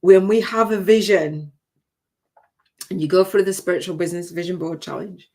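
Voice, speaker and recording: On a livestream, an older woman who works as a spiritual business coach shares an emotional, heartfelt story from her own life, frequently tearing up and laughing. She speaks at a normal speed in a lowish, slightly mellow voice with fairly even intonation.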